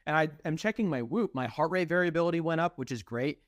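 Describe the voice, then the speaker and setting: A man's voice: on the high side, fast, dry recording, clean studio sound. A young man co-hosting a podcast, chatting casually and venting with lots of swearing. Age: young adult. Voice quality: profane, animated venting. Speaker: podcast co-host. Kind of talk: casual chat.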